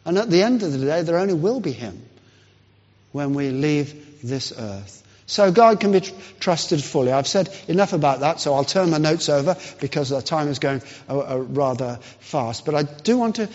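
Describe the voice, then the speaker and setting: A man preaching a sermon, telling a story with pauses and restarts. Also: a little high. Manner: storytelling, pauses and restarts, lively rise and fall. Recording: dull lo-fi sound in long hall reverb.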